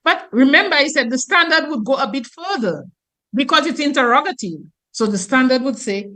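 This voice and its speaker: Lively, bright-voiced woman teacher. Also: high voice, fairly quick. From Dominica. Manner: animated, explanatory, teacherly. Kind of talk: radio talk explaining grammar.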